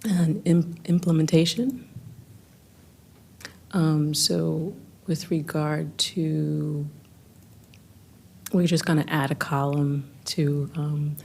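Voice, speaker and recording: A woman presenting planning staff updates at a public board meeting, hurried and apologetic with many ums, losing her voice. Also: deep voice, steady tone, vocal fry, a little mellow, breathy edge.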